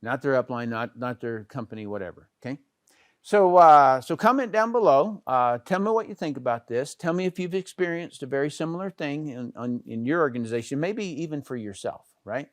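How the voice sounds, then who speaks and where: A man's voice: mid-range voice, expressive, fairly quick, dry recording. Plain-spoken middle-aged man, dry sound. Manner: conversational, many fillers and restarts, pointing with "here". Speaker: network marketing trainer. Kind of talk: casual training talk to camera.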